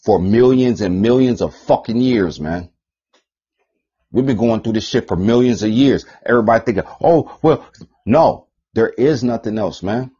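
Profane ranting man, husky lo-fi voice. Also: fairly low pitch, moderate pace. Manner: profane, rambling, repeats phrases, swings between loud and muttered. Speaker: podcast host. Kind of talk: ranting monologue. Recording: dull lo-fi podcast recording.

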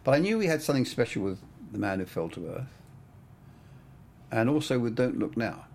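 A man's voice: mid-range voice, sing-song, fairly quick, a little mellow, slight background noise. An older man, a cinematographer, telling stories in a casual interview, rambling with plenty of "I mean" and "you know".

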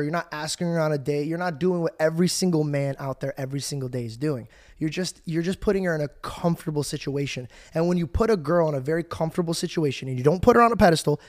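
A man hosting a podcast, telling a story in a casual, animated way, laughing often and acting out scenes. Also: a little high. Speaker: podcast host.

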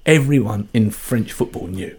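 A man's voice: fairly low pitch, normal speed, darkish tone, slight background noise. A man hosting a casual football chat, opinionated and mocking.

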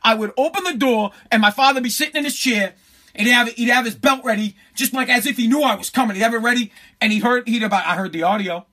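A man's voice: very high-pitched, quick pace, sharp tone. A man in his forties giving a blunt, profane, heated commentary. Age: 40s. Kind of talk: ranting commentary.

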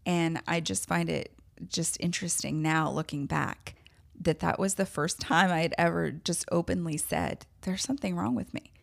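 A woman's voice: low voice, steady tone, normal speed, gravelly. A woman hosting a podcast, telling a personal story in a candid, emotional way with self-deprecating laughs. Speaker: podcast host.

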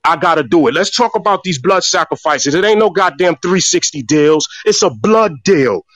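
Someone in an online voice room unleashes an impassioned, profane rant, repeating words whenever he gets worked up. His animated voice runs on the high side at a normal speed with a fairly bright tone, heard through distant, breaking-up phone audio.

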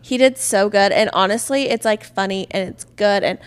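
A woman's voice: mid-range voice, moderate pace, smooth. Bubbly young woman chatting casually. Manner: bubbly, enthusiastic, slangy. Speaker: podcast co-host. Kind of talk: casual chat.

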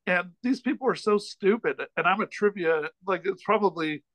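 A man's voice: high voice, moderate pace, fairly bright tone, no room sound, low-quality recording. A man, a comedian and author, telling a long anecdote as a podcast guest, rambling with frequent restarts and self-deprecating asides. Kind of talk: casual storytelling in a chat.

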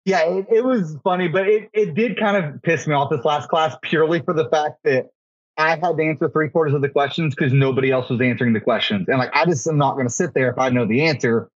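A man's voice: fairly high pitch, fast, no echo. A young man rambling through college stories in casual podcast chat, saying "like" a lot. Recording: slightly dull podcast audio.

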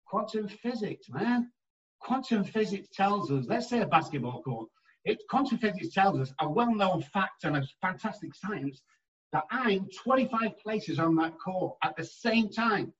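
Man, fairly high voice, animated storytelling, acts out quotes, interview, muffled distant mic. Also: a little slow. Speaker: addiction therapist.

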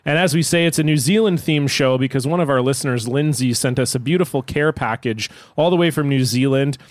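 A man's voice: mid-range voice, fairly quick, no echo. A man co-hosting a casual comedy podcast, joking and rambling as he reads things out and riffs with his co-host. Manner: joking, rambling, mock accent attempts.

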